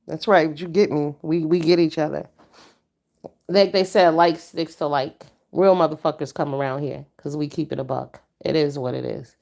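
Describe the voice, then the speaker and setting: A woman with a gravelly voice hosts a casual livestream chat at a normal pace. She's blunt, stern and profane, talking back to her viewers with animated jumps in pitch.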